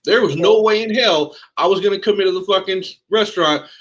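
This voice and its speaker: A man's voice: high-pitched, fairly quick, lo-fi sound. A man co-hosting a casual chat, telling a workplace story with plenty of swearing. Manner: animated, profane storytelling. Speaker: podcast co-host.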